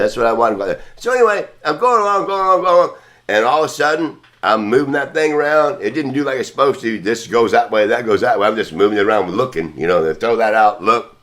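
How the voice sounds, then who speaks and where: A man's voice: on the low side, a bit bright. A man hosting a podcast, telling a long story in a casual, rambling, profane way. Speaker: podcast host.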